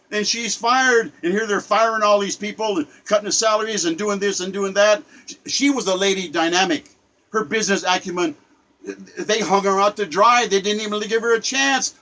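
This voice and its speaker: Older man, solo monologue; indignant, repetitive, stammering restarts; voice on the higher side. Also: sharp tone, low-quality recording. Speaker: self-styled poet giving a spoken commentary. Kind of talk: impassioned spoken rant.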